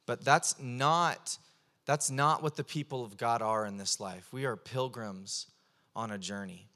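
A young man preaching a sermon, telling stories with animated, fervent intensity. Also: mid-range voice, a little slow, big-room sound.

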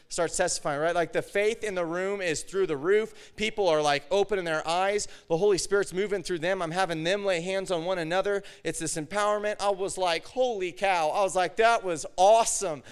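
A male preacher with a fairly high, smooth and resonant voice tells a personal story in a sermon. He talks casually and acts out the dialogue with lively energy. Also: a little fast, few pauses. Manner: animated storytelling, acts out his own and God's words.

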